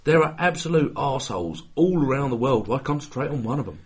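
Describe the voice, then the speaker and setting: A man's voice: medium pitch, animated, fast talker, slightly rough. A British man co-hosting a casual podcast, joking and swearing freely. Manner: sweary, laughing, stammering. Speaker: podcast co-host.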